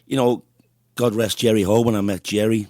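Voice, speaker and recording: Liverpool-accented man in his fifties, radio host, eager chatty talk, lowish voice, dry close sound. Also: little pitch movement, fairly quick, warm tone, no room sound. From Liverpool, England. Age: 50s. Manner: enthusiastic, chatty. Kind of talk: casual interview chat.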